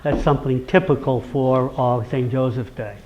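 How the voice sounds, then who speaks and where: A man's voice: mid-range voice, moderate pace, muffled recording. A man with a Rhode Island accent giving a chatty talk to a live audience, often checking in with "okay?" and acting out quoted voices. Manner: acts out quoted voices, animated. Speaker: speaker on local traditions.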